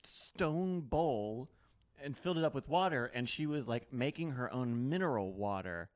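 A man's voice: mid-range voice, lively intonation, moderate pace. A man chatting casually, telling a story in a rambling, hedging way. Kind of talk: casual chat.

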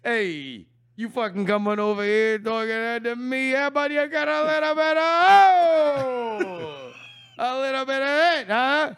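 A man voicing a brash male Italian tough-guy stereotype, shouting aggressive taunts in an improvised comedy bit. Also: very high-pitched, unhurried, clear, resonant tone, heavily acted. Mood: aggressive taunting.

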